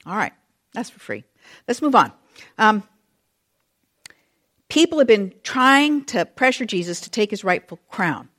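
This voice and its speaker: A woman leads a Bible study, her voice swinging widely up and down as she tells the story. She talks in a chatty, expressive way and drops in casual asides. Her pitch sits in a middle range for a woman. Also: measured pace, pauses often. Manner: expressive, animated retelling. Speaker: Bible teacher.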